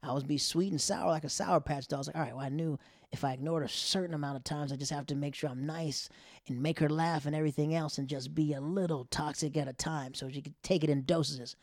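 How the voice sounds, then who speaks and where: A man tells a funny story from his past in a loose, animated way, slipping into other people's voices. His voice sits a little high. It comes through close and dry, with no room behind it. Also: quick pace, no echo. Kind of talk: comic personal storytelling.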